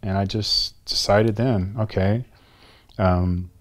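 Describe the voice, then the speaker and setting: A middle-aged man, a guest in an interview, telling his story with animated energy, acting out conversations and often repeating words as he restarts. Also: on the low side, takes it slowly. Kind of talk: candid storytelling in a long-form interview.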